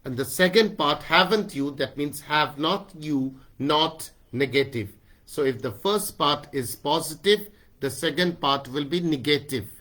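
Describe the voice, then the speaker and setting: A man's voice: fairly high pitch, unhurried, pushed and bright. A man teaching grammar in an online class over a video call, mixing in Hindi and often checking "right?". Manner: mixes Hindi into English, keeps asking "right?". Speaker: English teacher.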